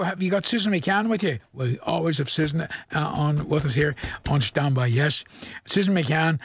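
This is a man hosting a radio show, his voice high and gravelly. He reads out dedications in a jokey way and laughs often. The sound is close and dry, with no room around it. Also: no echo. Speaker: radio host. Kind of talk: casual radio chat with dedications.

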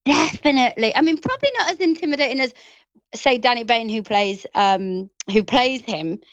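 A woman in her thirties with a Grimsby accent chats quickly and laughs often. She sits a touch high in pitch and sounds close and dry on the mic. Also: dry recording, muffled recording. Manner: chatty, quick, laughs often, slips into quoted voices. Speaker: actress, interview guest. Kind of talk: casual interview chat.

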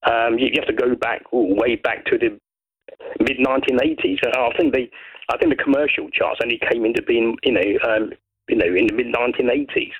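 Male caller from Brighton, husky rambling chat over a dull phone line. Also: medium pitch. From Brighton, England. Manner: rambling, lots of restarts, lively. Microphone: telephone.

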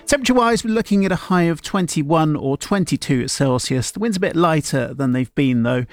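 Gravelly man giving a radio weather forecast. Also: fairly high pitch, no echo, clean studio sound. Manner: measured, even forecast delivery. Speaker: weather presenter.

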